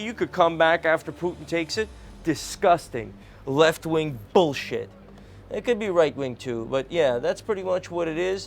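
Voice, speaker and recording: A man rants through heated political commentary, swearing freely and hammering his points with emphasis. His voice sits a little high for a man, and faint music plays underneath. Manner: profane, ranting, emphatic. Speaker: news commentator.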